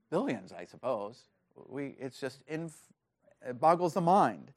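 A male pastor preaching a sermon, earnest and emphatic, rising to excited emphasis on key points. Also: medium pitch, unhurried, dry recording, clean studio sound.

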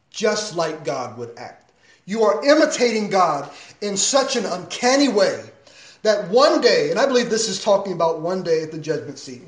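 A man preaching a sermon as a pastor, emphatic, with big swings in pitch and loudness. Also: reverberant.

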